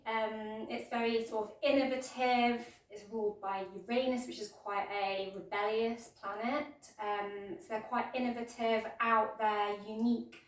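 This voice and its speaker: A woman teaching a casual yoga class, talking in a chatty, rambling way with lots of ums and restarts. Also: mid-range voice. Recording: echoey room, voice from far off.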